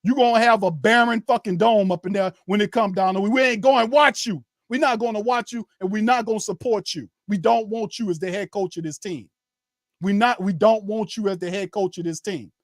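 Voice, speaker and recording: A man with a high voice, hosting a heated live fan broadcast. He rants angrily and curses, hammering the same points again and again. The sound is dry and close to the mic. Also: brisk, dry recording. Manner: angry, profane ranting; repeats himself for emphasis. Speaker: sports show host.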